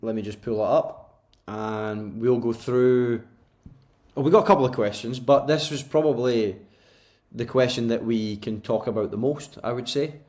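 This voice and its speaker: A man's voice: medium pitch, moderate pace, a little mellow. A Scottish man, co-host of a podcast, talking loosely and laughing easily over a remote call. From Scotland. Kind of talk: casual chat.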